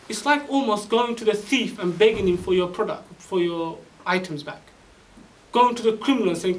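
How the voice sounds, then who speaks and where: A man preaching an Islamic lecture in a high-pitched, insistent voice. He presses his points with rhetorical questions and recites Arabic verses. The mic sits some distance away, with a faint hiss under his voice. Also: moderate pace, a bit bright. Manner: emphatic, rhetorical questions, quotes Arabic scripture. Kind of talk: religious lecture.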